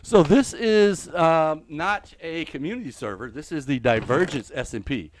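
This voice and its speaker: A middle-aged man streaming a building game live while walking on a treadmill, out of breath, muttering counts to himself between loud chatty asides to his viewers. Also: on the high side, expressive, normal speed, a little hiss or hum. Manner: mutters block counts under his breath, then chats loudly to viewers. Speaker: gaming streamer.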